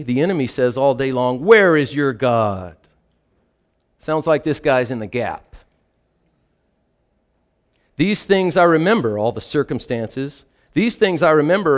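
A man preaching a sermon, reading psalm verses slowly with pauses and then explaining them plainly. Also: mid-range voice.

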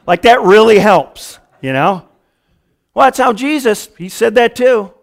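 A pastor preaching a lively, conversational sermon full of quick asides, in a church. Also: male voice, sits high, vocal fry.

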